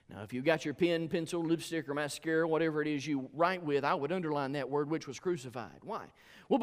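A man with a Southern US accent preaching a sermon as pastor, with rhythmic delivery that swells into loud climaxes. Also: a little high, in a large hall.

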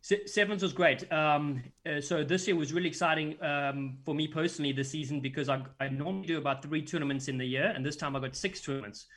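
A man's voice: fairly high pitch, quick pace, hardly any pauses. A middle-aged man from Africa, a rugby commentator telling stories in casual chat with lots of restarts. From South Africa. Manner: animated storyteller with many restarts.

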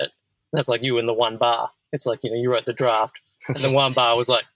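A man in his thirties hosts a relaxed podcast conversation, wandering through his thoughts and leaning on filler words. His voice is bright and forceful. The sound is dry and close. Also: mid-range voice, quick pace, no room sound, low-quality recording. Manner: rambling, heavy use of filler "like". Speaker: podcast host. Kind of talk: casual conversational chat.

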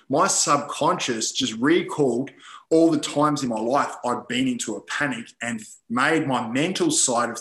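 A man talking as a podcast guest, his voice bright and forceful at an ordinary pitch. He tells personal stories loosely, stringing thoughts together with "you know" and plenty of swearing. He often acts out what he was thinking in the moment. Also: roomy sound, rough recording. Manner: rambling, swears freely, many fillers like "you know". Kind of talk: casual storytelling in conversation.

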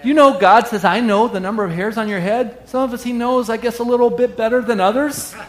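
A man's voice: very high voice, fairly even intonation, brisk, a little hiss or hum. A man preaching a sermon to a congregation, talking to them directly and joking with them between points. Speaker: pastor.

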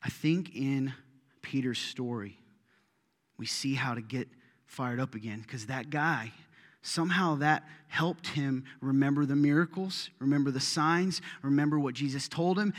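A middle-aged man preaching a sermon to his congregation, swinging between loud bursts and hushed asides. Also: mid-range voice, unhurried. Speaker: pastor. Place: church auditorium. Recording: reverberant hall.

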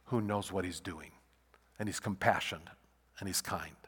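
A man preaching a sermon as pastor, halting and repeating words, then rising to loud emphatic peaks. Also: low-pitched, steady tone, slightly rough. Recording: long hall reverb.

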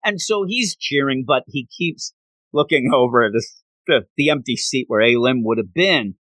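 Animated man retelling a story. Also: mid-range voice, moderate pace, no room sound. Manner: animated, joking asides. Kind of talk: casual story recap.

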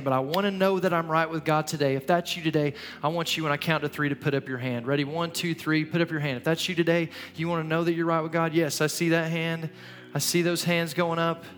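A man preaching as a pastor in a church, earnest and urging, often repeating his phrases. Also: fairly high pitch. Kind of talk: sermon. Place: church sanctuary. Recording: long hall reverb, soft music.

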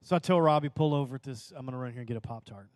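A man preaching a sermon to a church audience, telling a personal story that swells into impassioned pleading and drops to hushed, slow emphasis. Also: medium pitch, no echo. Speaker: pastor.

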